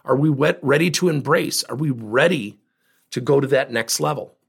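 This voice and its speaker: Medium in pitch, with vocal fry and a breathy edge, this man talks at a normal speed. Hosting his coaching podcast as a leadership coach, he addresses listeners emphatically in a monologue, asking rhetorical questions.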